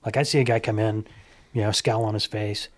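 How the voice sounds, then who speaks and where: In a relaxed chat, a middle-aged man who works as a stunt coordinator spins lively stories, performing the quoted lines himself. He speaks fairly quickly in a lowish voice.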